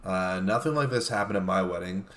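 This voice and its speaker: A man co-hosting a casual chat show, dry and deadpan, halting now and then. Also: sits low. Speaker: co-host.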